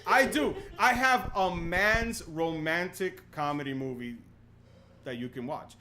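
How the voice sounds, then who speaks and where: A young man hosting a podcast in casual chat, excitable and full of "yo", often restarting his sentences. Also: fairly high pitch, measured pace. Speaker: podcast host.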